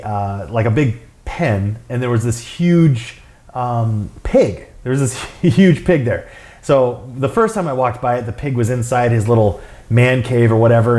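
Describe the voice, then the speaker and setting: A man's voice: medium pitch, darkish tone. A fitness and nutrition coach chatting casually to camera, rambling with many fillers and restarts and chuckling often as he tells stories. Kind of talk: casual vlog talk.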